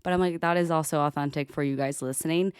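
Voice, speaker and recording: Low-voiced young woman in casual podcast chat. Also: steady tone, quick pace, clean tone, no room sound, clean studio sound. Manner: chatty, heavy use of "like", acts out quoted conversations. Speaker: podcast co-host.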